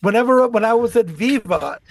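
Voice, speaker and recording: A man from Boston telling stories in a casual podcast chat, lively and quick to act out quoted voices. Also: very high voice, creaky, no room sound. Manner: animated storyteller, breaks into quoted voices. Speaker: podcast guest.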